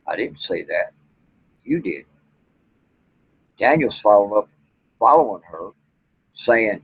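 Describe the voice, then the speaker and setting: Here a Bigfoot researcher and vlogger delivers a furious, profanity-heavy rant straight to camera. He sounds husky and animated, speaking on the low side at a moderate pace with frequent pauses, all captured in thin, phone-like audio.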